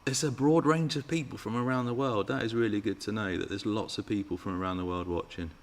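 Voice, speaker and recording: A man's voice: on the low side, steady tone, fast. A man hosting a live Q&A stream, chatting with viewers and reading out their comments. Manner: chatty and playful, teasing viewers. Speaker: RC car channel host.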